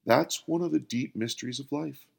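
A man voicing Jesus as a calm, patient mentor who asks gentle, probing questions. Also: medium pitch, normal speed, creaky, husky, pitched above the performer's own voice.

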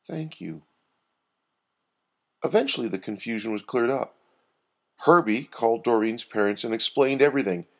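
A man narrating a scripted story in a measured, expressive reading. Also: medium pitch.

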